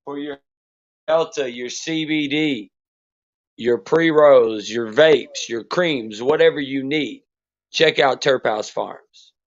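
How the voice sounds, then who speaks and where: A man's voice: mid-range voice, slow pace. A man hosting a podcast, giving a blunt, profane sports rant in casual talk. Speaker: podcast host. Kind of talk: casual ranting monologue. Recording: dull lo-fi sound.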